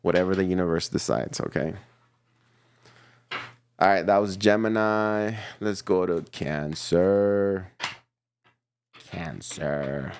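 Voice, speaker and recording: A man giving a casual, playful tarot reading to his viewers, chatty and quick to laugh. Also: low-pitched, slight background noise. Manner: chatty and playful, laughs often, repeats himself. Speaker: tarot reader.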